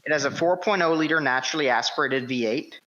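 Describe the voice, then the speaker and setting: A man's voice: on the high side, quick pace, pushed and bright, muffled recording. A man in a casual podcast chat, blunt and teasing, swearing freely.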